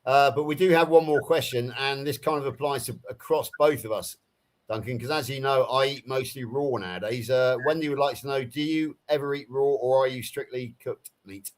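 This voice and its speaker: A man hosting a live stream over a video call, talking casually in a relaxed, halting way with many fillers. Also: medium pitch, slight background noise. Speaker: livestream host.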